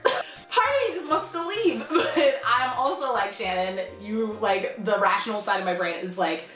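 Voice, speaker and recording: A young American woman telling a rambling, animated storytime in a casual vlog, full of "like" and "you know". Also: mid-range voice, measured pace. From United States. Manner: animated, rambling, heavy use of "like". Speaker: vlogger. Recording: roomy echo with faint music.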